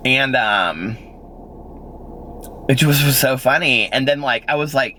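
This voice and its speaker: A man's voice: medium pitch, animated, moderate pace, sharp tone, slight background noise. A man in his forties telling a rambling personal story in a casual vlog, full of fillers and little laughs. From Indiana, United States. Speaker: vlogger.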